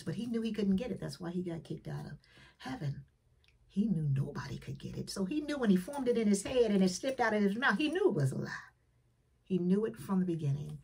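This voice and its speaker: Very breathy woman preaching a sermon. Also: lowish voice. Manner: emphatic, swings between loud calls and hushed whispers; plain colloquial phrasing.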